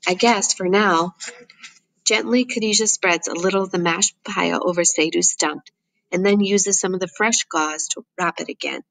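A woman narrating a first-person novel in a steady, measured reading voice. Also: lowish voice, gravelly, dry recording, poor audio. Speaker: audiobook narrator.

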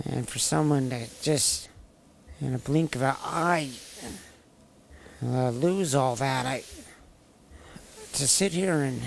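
A man giving a candid personal account in a plainspoken, wry storytelling manner, with halting restarts. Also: mid-range voice, vocal fry, slight background noise. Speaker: interviewee sharing his personal story.

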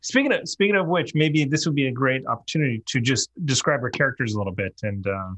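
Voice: mid-range voice, fast talker, a bit bright. A player in a tabletop role-playing game, joking self-deprecatingly about their character. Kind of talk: casual game chat.

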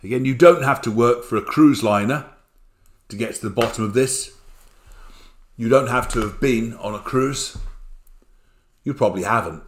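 A man's voice: mid-range voice, normal speed, long pauses, a little hiss or hum. An older man giving a recorded exam revision lecture in a chatty way, often asking rhetorical tag questions. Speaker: accountancy exam tutor.

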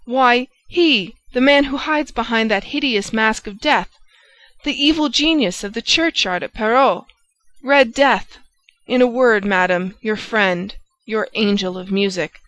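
A woman reads a jealous young nobleman whose words come out loud, raised and impassioned. He stays at a middling pitch for a man's part in a storybook reading. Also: steady tone, normal speed, close to an everyday voice, rough recording. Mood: angry, bitter.

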